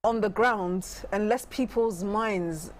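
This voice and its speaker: A woman's voice: medium pitch, slow. Earnest woman guest explaining her point. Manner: earnest, explanatory, frequent restarts. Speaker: studio guest. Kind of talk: talk show discussion.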